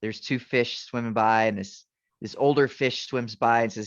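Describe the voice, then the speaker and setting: A man's voice: medium pitch, fairly even intonation, normal speed. A man teaching a class over a video call, talking loosely through his slides and often restarting his sentences. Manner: rambling, self-correcting, frequent restarts. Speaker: teacher giving a presentation. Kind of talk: informal talk with slides. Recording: dull lo-fi video call audio.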